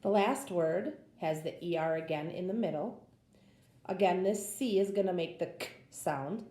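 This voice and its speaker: A woman's voice: lowish voice, a little slow, warm tone, echoey room. A woman teaching a phonics lesson, patiently sounding out words for young learners.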